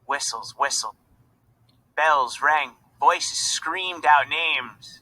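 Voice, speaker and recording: A man reading a children's storybook aloud in an expressive narrating voice. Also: on the high side, extremely slow, no echo, low-quality recording. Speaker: reader.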